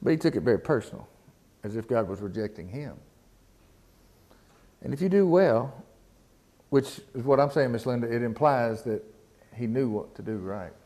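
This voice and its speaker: A man's voice: mid-range voice, animated, moderate pace, long pauses, dark tone. A man preaching a sermon in a folksy, casual way, often repeating words and asking the congregation questions. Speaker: pastor. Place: church.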